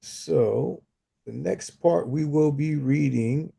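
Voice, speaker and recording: Gravel-voiced guy in a reading group, jokey and self-deprecating, trips over his words. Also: a little high, takes it slowly, dark tone. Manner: joking, self-deprecating, stumbling restarts. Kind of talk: casual group chat.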